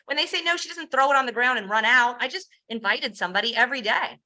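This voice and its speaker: Bright, energetic woman pitching a business. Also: quick pace, few pauses, low-quality recording. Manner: energetic storytelling, acts out quoted dialogue; rhetorical questions to the audience. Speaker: presenter pitching a home business. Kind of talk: motivational sales presentation.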